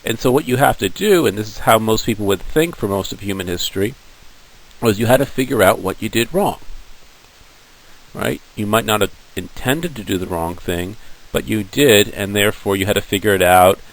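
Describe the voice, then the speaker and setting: A man's voice: on the low side, moderate pace, poor audio. A male teacher giving a classroom lecture in a casual, conversational storytelling manner.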